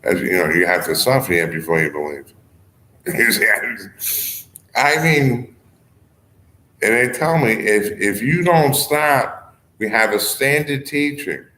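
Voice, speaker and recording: A man's voice: medium pitch, lively intonation, unhurried, pauses often, sharp tone. A man talking in a rambling monologue, drifting between topics, filling his speech with "you know" and "I mean" and chuckling often. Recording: echoey room with faint ambient noise.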